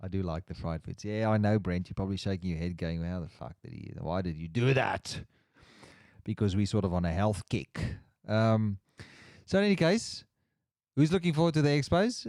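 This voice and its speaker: A man's voice: lowish voice, dark tone, smooth, no room sound, clean studio sound. A man hosting a casual livestream chat, rambling and restarting his sentences as he reads the chat aloud. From Australia. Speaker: livestream host.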